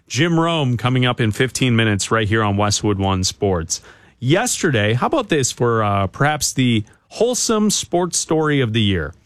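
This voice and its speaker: A man's voice: medium pitch, no room sound. Sarcastic male sports radio co-host. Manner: dry, sarcastic banter.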